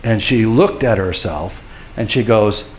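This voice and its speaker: A middle-aged man, a pastor, giving a sermon in an earnest storytelling way that builds to forceful preaching. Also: on the low side, animated, unhurried, a little hiss or hum.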